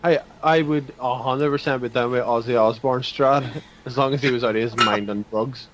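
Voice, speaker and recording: A man's voice: mid-range voice, fairly even intonation, moderate pace, fairly bright tone, a little hiss or hum. A man playing a tabletop game, talking in an easygoing, wry way. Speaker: player. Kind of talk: casual chat at a gaming table.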